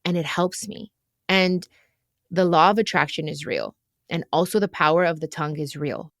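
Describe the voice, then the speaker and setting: A woman's voice: low voice, expressive, moderate pace, no room sound, studio quality. A woman hosting an advice podcast, talking earnestly and with emotion to listeners. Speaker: podcast host giving advice. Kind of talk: heartfelt advice chat.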